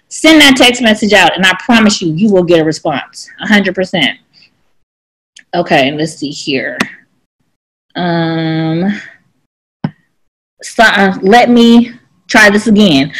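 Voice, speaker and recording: A woman's voice: medium pitch, expressive, a little slow, fairly bright tone, rough recording. A woman giving a chatty, emphatic coaching talk to her team, answering their questions as a team leader.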